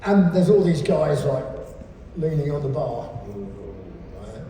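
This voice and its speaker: A man's voice: fairly high pitch, slow pace, slight background noise. An English man in his sixties, a keynote speaker telling sweary comic stories on stage. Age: 60s. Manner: sweary, animated anecdotes. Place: large live venue. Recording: echoey hall from far off.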